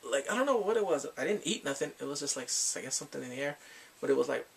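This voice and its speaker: A man's voice: on the high side, lively intonation, very fast, gravelly, breathy edge. A man casually recapping drama episodes, rambling and filling his talk with "like" and acted-out quotes. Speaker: drama reviewer.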